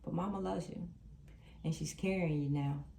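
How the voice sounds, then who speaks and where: A woman's voice: deep voice, moderate pace, gravelly, mellow, slight background noise. A woman doing a tarot reading for viewers, reassuring and emphatic, repeating her key lines. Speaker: tarot reader. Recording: roomy sound from a distant mic.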